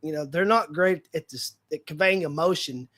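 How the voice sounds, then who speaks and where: A man with a fairly high-pitched voice hosts a relaxed fan livestream chat. He rambles and restarts, padding his thoughts with plenty of filler words. The sound is dry and close, with no room around it. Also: normal speed, dry recording. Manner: rambling, heavy use of fillers like "like" and "you know". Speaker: livestream host.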